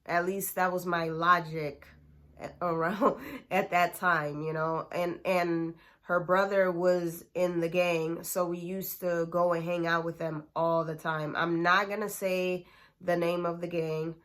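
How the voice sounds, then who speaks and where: A woman's voice: on the low side, little pitch movement, a little slow, a bit bright. A woman telling a personal story in a casual, chatty way, full of slang and fillers. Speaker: storyteller vlogger.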